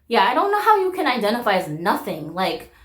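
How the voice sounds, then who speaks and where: Animated, frank woman vlogger swearing freely. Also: a little high, a little fast, echoey room. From America. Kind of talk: casual talk to camera.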